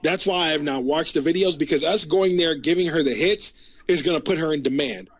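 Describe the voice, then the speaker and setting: A man's voice: on the high side, brisk, husky, rough recording. A man co-hosting a podcast in casual debate, heated and often stammering on repeated words. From San Antonio area. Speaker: podcast co-host.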